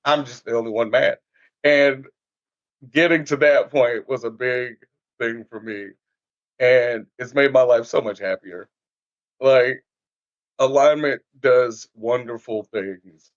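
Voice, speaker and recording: A man in a casual podcast conversation, telling stories in an animated way and acting out everyday scenes. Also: mid-range voice, takes it slowly, pauses often, no room sound. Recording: dull lo-fi dry sound.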